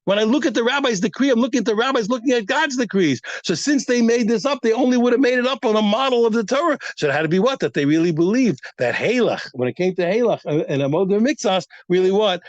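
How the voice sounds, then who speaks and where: A man teaching a daily Talmud class, animated and repeating phrases as he thinks aloud, on a dull lo-fi recording. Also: high-pitched, fast talker, hardly any pauses, no room sound.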